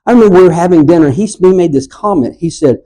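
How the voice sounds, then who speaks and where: A man in his sixties teaching a church Bible class, telling stories and getting loud and animated when he acts out quotes. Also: high-pitched, fast talker, low-quality recording. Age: 60s.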